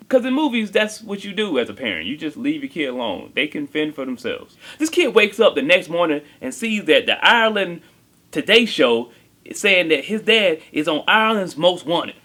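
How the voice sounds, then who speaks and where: A man's voice: a little high, big pitch swings, normal speed, pushed and bright. A man giving a comedic movie review, talking in a joking, slangy way.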